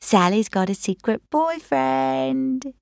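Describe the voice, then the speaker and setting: A woman's voice: high-pitched, lively intonation, takes it slowly, gravelly, a little mellow, smooth, no room sound, studio quality, voice pushed up, full character voice. A woman reading a novel aloud, voicing a joking younger brother who teases his sister. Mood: teasing. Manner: joking, teasing tone. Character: cheeky younger brother, teasing. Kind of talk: audiobook character reading.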